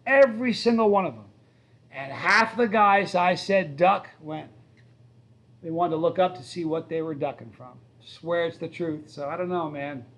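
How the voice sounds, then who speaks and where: A man in his fifties hosts a live stream, chatting casually, reading viewer questions and rambling through stories. His voice is fairly high and a bit bright, at a moderate pace.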